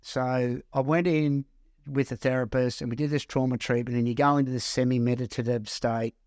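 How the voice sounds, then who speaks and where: An Australian man working as a counsellor, telling a personal story in an earnest, halting way that repeats words as he goes. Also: mid-range voice, flat delivery, darkish tone, no room sound, studio quality. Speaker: counsellor and mentor. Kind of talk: personal story told to camera.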